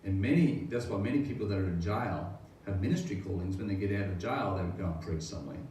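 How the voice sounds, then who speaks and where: A middle-aged pastor tells his testimony in an earnest, wandering way, often stopping to pose rhetorical questions. His voice sits low and mellow. It is picked up from a distance in a very echoey room with a faint hiss behind it. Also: animated, fast talker. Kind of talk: personal faith testimony.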